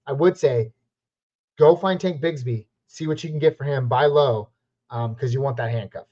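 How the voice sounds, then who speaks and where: A man from the West Coast hosting a live Q&A stream, chatty and upbeat, giving quick verdicts on viewer questions. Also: mid-range voice, dark tone. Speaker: fantasy football live stream host. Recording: slightly muffled lo-fi stream audio.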